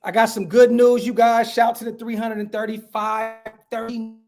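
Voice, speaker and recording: A man's voice: very high voice, level tone, moderate pace, faint music behind. Hyped man hosting a livestream. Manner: hyped, slangy, full of shout-outs. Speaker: podcast host. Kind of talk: casual livestream chat.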